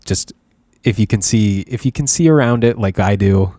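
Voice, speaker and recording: A man's voice: on the low side, moderate pace, warm tone, no echo, clean studio sound. A young man co-hosting a podcast in casual, rambling chat, joking and laughing often. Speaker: podcast co-host.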